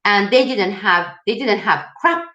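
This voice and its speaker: A woman's voice: mid-range voice, expressive, a little slow, bright, forceful tone, echoey room, dull audio. A woman hosting a political channel, answering viewer questions in an emphatic, rallying way. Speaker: host of a political video channel. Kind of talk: live-style viewer Q&A.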